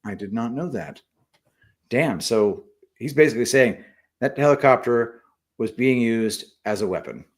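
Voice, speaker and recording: A man's voice: medium pitch, expressive. Man, livestream co-host, casual chat, reading viewer messages. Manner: reads super chats aloud with quick asides.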